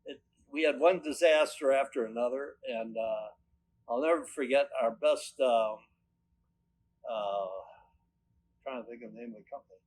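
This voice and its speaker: A man's voice: medium pitch, moderate pace, pauses often, a little hiss or hum, rough recording. Older man telling rambling business stories. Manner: rambling storyteller, many restarts and "but anyway". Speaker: company owner. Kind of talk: recounting personal anecdotes.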